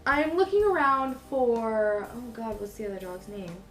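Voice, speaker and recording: A young woman with a fairly high voice rambles through a story to her camera, stacking fillers and correcting herself as she goes. Her voice rings in an echoey room while faint music plays underneath. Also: very animated, normal speed. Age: young adult. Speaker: vlogger. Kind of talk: casual storytelling.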